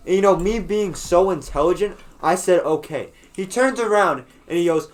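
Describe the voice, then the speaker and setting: A man's voice: high voice, moderate pace, few pauses. A young man on a podcast, telling a rambling school story in casual chat, swearing freely and full of fillers and restarts. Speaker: podcast co-host.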